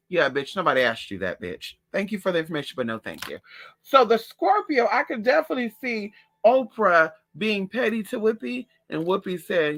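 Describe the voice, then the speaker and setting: A man talking in a sassy, profane, animated way in a casual gossip monologue at home. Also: high voice, moderate pace. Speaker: vlogger.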